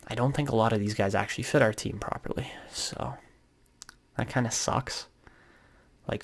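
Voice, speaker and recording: A man's voice: lowish voice, creaky. A young man giving casual gameplay commentary, thinking aloud with lots of ums and uhs as he plans his moves. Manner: relaxed, thinking aloud with many fillers. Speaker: gaming YouTuber.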